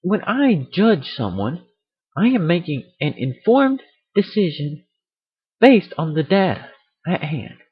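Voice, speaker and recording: A man's voice: on the high side, very animated, takes it slowly, slightly rough. A man hosting a casual rant video, rambling and joking about himself as he goes, recorded on a computer mic. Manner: rambling, self-aware, jokey. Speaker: video host. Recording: dry, dull computer mic audio.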